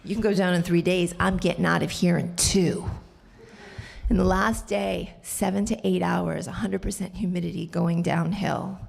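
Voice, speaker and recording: A woman from the Bronx telling a personal story at a live storytelling show, animated, with sharp jumps up in pitch when she quotes people. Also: normal speed, vocal fry, slightly rough. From the Bronx, New York.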